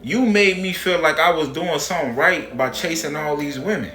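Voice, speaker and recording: A man's voice: fairly high pitch, moderate pace, pushed and bright, echoey room, faint music behind, pitched above the performer's own voice. A man voicing an earnest young son who talks in a whiny, pleading way.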